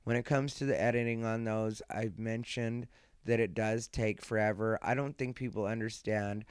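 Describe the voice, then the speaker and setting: A man hosting a solo podcast at night, rambling in a laid-back way, sleepy and yawning, with a slight lisp, talking from a dark room at home. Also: fairly low pitch, steady tone, moderate pace, clear, resonant tone, dry recording, studio quality. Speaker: podcast host and comedian. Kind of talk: casual solo podcast monologue. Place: dark room at home, lying beside his dog.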